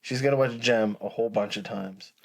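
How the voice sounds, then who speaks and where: A man's voice: fairly low pitch, brisk. A man co-hosting a podcast, telling rambling stories in casual chat and chuckling mid-sentence. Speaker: podcast co-host.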